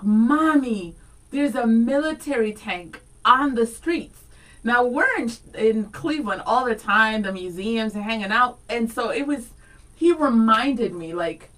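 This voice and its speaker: A woman's voice: fairly high pitch, expressive, measured pace, a bit bright, distant mic, poor audio. A woman in her thirties co-hosting morning radio, chatty and laughing often, with a light Latina and East Coast accent. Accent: light Latina and East Coast mix. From Afro-Dominican background. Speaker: radio co-host. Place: radio studio.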